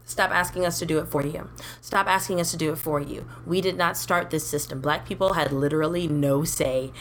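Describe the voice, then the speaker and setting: Young woman podcast co-host, low voice, blunt and profane, faint noise behind. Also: steady tone, brisk, fairly bright tone. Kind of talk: casual chat.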